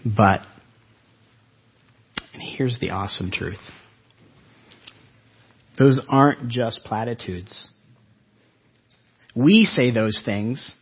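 A man preaching an earnest Easter-season sermon to his congregation, his voice swelling and then dropping soft. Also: medium pitch, takes it slowly, long pauses, breathy edge, dull audio. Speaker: pastor.

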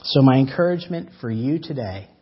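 A man preaching a sermon as pastor, swinging between loud emphatic lines and soft drawn-out words. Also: medium pitch, lively intonation, husky. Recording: dull lo-fi church audio.

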